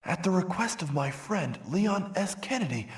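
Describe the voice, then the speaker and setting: An actor playing an earnest, bewildered detective hero in a video game cutscene. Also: male voice, sits high, animated, normal speed. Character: confused male detective hero, earnest adult. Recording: roomy game cutscene audio with music.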